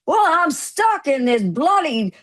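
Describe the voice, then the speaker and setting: A woman's voice: high voice, very animated, a little slow, slight background noise, pitched above the performer's own voice. A woman putting on the voice of an indignant, blustery man complaining that he got stuck in a bathtub. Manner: outraged, exasperated complaining.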